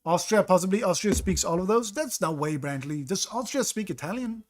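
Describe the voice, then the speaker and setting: A man with a slightly raised pitch talks through each guess in loose live-stream commentary. He muses out loud and breaks off to welcome viewers in his chat, keeping an easy, offhand tone. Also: expressive, fairly quick. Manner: thinks aloud, greets chat mid-sentence.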